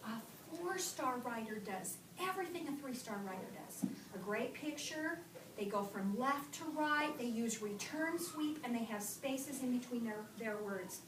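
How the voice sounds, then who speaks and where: A woman teaching a class of young children, reading aloud slowly and leading the lesson in an animated, sing-song way, recorded in a classroom. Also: fairly high pitch, background noise. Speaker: kindergarten teacher. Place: classroom, indoors. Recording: roomy classroom from a distant camera.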